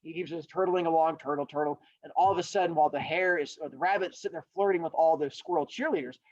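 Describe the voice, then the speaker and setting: A man's voice: a little high, fast, darkish tone. A man teaching a class, explaining and telling a story in a playful, jokey way. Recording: dull lo-fi recording.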